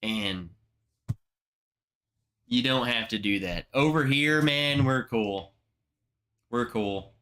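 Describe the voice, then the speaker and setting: A man hosting a casual livestream, telling a story with feeling and plenty of slang. He talks slowly in a bright, forward voice, and he sounds close to tears. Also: medium pitch. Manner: slow, emotional, slangy storytelling. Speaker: livestream host.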